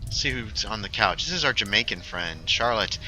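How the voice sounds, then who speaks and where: A man's voice: fairly low pitch, lively intonation, a little fast, sharp tone, slight background noise, rough recording. A man chatting casually while streaming a story game, joking with his viewers. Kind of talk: casual gaming livestream commentary.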